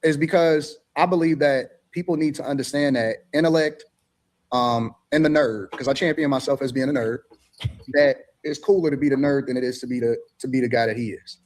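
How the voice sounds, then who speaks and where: Man, panel guest, defiant, blunt, swears, rapid delivery. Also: medium pitch, steady tone, a little mellow. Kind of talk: panel discussion.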